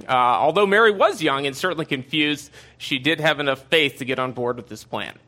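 A man's voice: fairly high pitch, lively intonation, moderate pace, pauses often, bright, forceful tone. A man giving a casual Bible teaching in a conversational way, with many fillers and asides.

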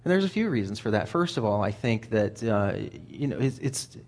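A man's voice: lowish voice, very animated, moderate pace, darkish tone. A man preaching a sermon in a conversational way, often repeating words as he thinks aloud.

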